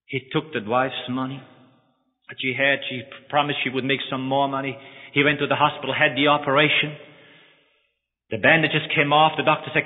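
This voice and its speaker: A man's voice: mid-range voice, flat delivery, moderate pace. A male preacher telling a story in a dramatic, emotional sermon. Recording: echoey hall, phone-like lo-fi.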